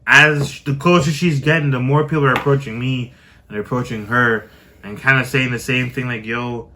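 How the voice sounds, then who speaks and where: A man's voice: medium pitch, steady tone, normal speed, pushed and bright, a little hiss or hum. A man co-hosting a podcast, telling a story in a casual, slangy way and acting out the quotes with animation. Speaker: podcast co-host.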